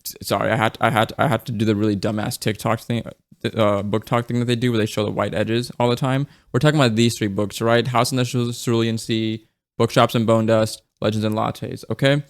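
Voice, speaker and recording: A book reviewer with a lowish, flat, brisk voice chats casually and excitedly about books. He swears freely and leans hard on fillers like "like" and tag questions like "right?"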